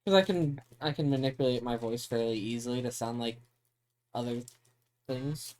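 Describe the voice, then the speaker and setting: A woman streamer in relaxed, casual chat who laughs often. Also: a bass voice, normal speed.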